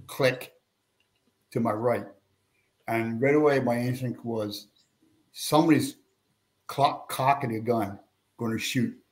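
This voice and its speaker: An older man from Pennsylvania, a guest telling lively anecdotes in an interview and raising his voice for quoted people. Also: medium pitch. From Pennsylvania, USA. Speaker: guest, veteran and retired police officer. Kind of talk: storytelling in a podcast interview.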